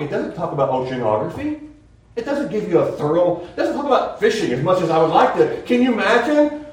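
A man preaching a sermon in an earnest, rambling way, often restarting his sentences. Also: high voice. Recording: very echoey room, voice from far off mic.

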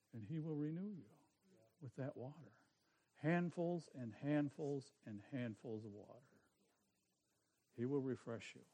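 A man with a mid-range voice preaches a sermon built on his own testimony, earnestly shifting between soft, hushed passages and forceful ones.

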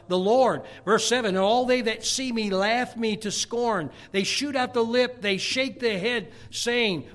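A man with a high-pitched voice preaching a sermon. He reads scripture aloud and moves between forceful, emphatic preaching and quiet, near-whispered passages.

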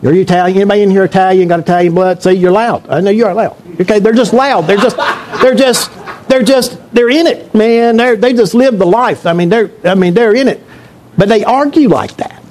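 A male pastor delivers a sermon in a church, his voice sitting a little higher than most men's. He keeps it conversational and joking, throwing questions out to the congregation and swinging between playful asides and serious points. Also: fairly quick, a little mellow, slight background noise.

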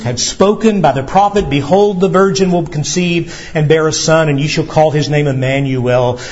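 A man preaching a sermon as pastor, earnest and emphatic, slowing for weight and pressing questions on his listeners. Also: on the high side, darkish tone, dull audio.

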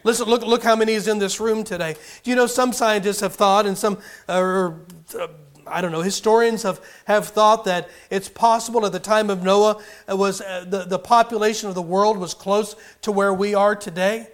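Casting: male pastor, higher voice, earnest sermon delivery with rising emphasis and frequent restarts. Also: fairly even intonation, normal speed.

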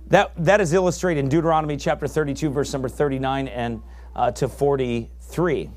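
A man preaching a fiery sermon, his voice climbing to shouts as he presses his points. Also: medium pitch, brisk.

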